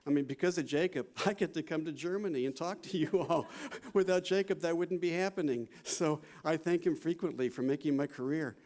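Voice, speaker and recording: Talking a little fast with few pauses, a psychology professor in his sixties gives a conversational conference lecture. His voice is on the high side with a darkish tone, and he often adds "you know" and "right?" and laughs.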